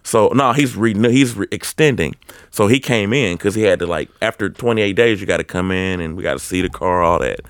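A young man telling a rowdy story in casual chat, profane and animated, jumping into a high excited voice for quotes. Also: brisk, smooth, no room sound, studio quality.

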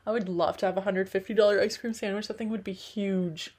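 A woman's voice: mid-range voice, steady tone, a little fast, a little mellow. A young woman casually chatting and reading funny online reviews aloud, often giggling. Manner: giggly, amused.

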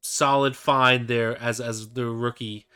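A man's voice: medium pitch, little pitch movement, slow pace, pushed and bright, clear, resonant tone. A young man co-hosting a casual sports podcast, rambling with hesitant restarts and fillers. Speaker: podcast co-host.

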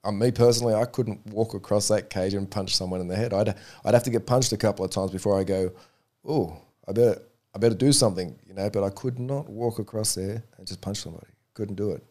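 A man's voice: on the low side, steady tone, fast, few pauses, darkish tone. A man, a referee guest talking frankly and easily, often repeating words as he thinks. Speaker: MMA referee, interview guest. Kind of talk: casual interview chat.

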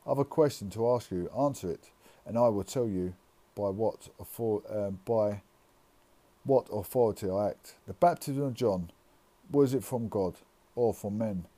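A man reading a calm teacher's speech. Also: lowish voice, normal speed, close to an everyday voice. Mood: measured.

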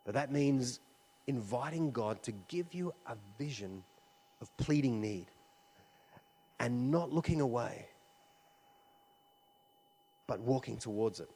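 A man's voice: mid-range voice, animated, slow, long pauses, warm tone, breathy edge. A man preaching a sermon, telling a story in a conversational way with frequent fillers and restarts. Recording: long hall reverb.

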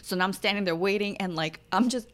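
A woman's voice: medium pitch, fast talker, fairly bright tone. A young adult woman, a podcast co-host, telling candid family stories in casual chat and acting out the quotes as she goes. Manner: candid, chatty storytelling with acted-out quotes.

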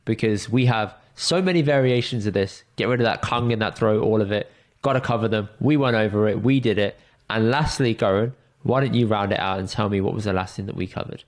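A man co-hosting a podcast, running the intro and teasing his co-host in a brisk, blunt way. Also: fairly low pitch. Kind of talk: casual chat.

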